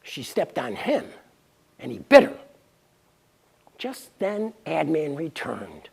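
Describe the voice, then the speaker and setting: Woman, gravelly and husky, reading a pun-filled tale, slow and swooping. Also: very deep voice. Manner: playful, pun-laden, lively. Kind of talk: reading her own punning story aloud.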